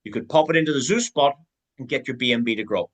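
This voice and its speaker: A man's voice: mid-range voice, quick pace, rough recording. A man giving a team sales training talk, acting out both sides of example conversations.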